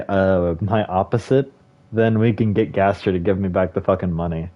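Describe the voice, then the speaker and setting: A man's voice: on the low side, moderate pace, dark tone. A man doing casual let's-play commentary, rambling and joking with plenty of profanity. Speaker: streamer.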